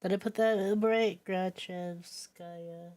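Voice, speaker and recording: A woman's voice: mid-range voice, a little slow. A woman streaming a narrative game, reading its text aloud and reacting with chatty commentary, laughing often and swearing casually.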